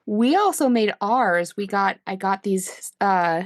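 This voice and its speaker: A woman's voice: medium pitch, lively intonation, slow pace, dry recording, studio quality. A woman co-hosting a podcast, chatting casually and rambling with easy laughs. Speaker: podcast co-host. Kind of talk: casual chat.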